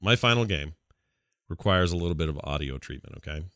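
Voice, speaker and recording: A man with a very deep, smooth voice talks about games in a laid-back, jokey way. He is a little groggy from cold medicine. The sound is dry and close to the mic. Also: animated, a little fast, a bit bright, no echo. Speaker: podcast co-host. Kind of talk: casual chat about games.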